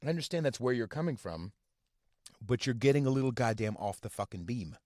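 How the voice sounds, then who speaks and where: A man hosting a podcast from inside his car, ranting casually and profanely in a halting, rambling way full of fillers. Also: mid-range voice, lively intonation, darkish tone, no echo, studio quality. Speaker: podcast host. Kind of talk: casual rant.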